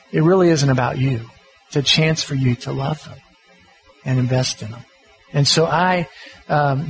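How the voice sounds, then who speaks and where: A man's voice: a little high, low-quality recording. A middle-aged man, giving a folksy, conversational sermon on parenting as a pastor. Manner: folksy, conversational, self-deprecating.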